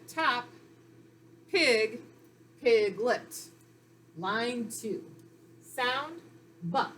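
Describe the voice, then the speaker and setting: A woman with a fairly high voice leads a children's reading lesson, sounding out each letter slowly and patiently. She keeps her tone encouraging throughout. A faint hiss sits under the recording. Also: fairly bright tone. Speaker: phonics teacher.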